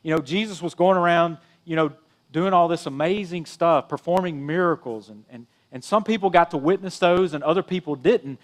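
A middle-aged man with a notably high voice delivers a sermon. He keeps it conversational, full of "you know" asides. His emphasis rises on key phrases and falls to near-hushed endings. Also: brisk. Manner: conversational preaching, rising and dropping emphasis, frequent "you know". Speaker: pastor.

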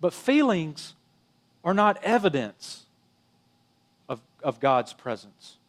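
A middle-aged man with a notably high voice delivers a sermon. He keeps it conversational, full of "you know" asides. His emphasis rises on key phrases and falls to near-hushed endings. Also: very animated, slow pace. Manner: conversational preaching, rising and dropping emphasis, frequent "you know". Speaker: pastor.

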